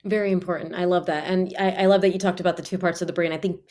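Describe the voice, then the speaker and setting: A woman's voice: on the low side, steady tone, racing, darkish tone. A woman hosting a podcast, a pediatrician responding to her guest with enthusiasm. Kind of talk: podcast interview.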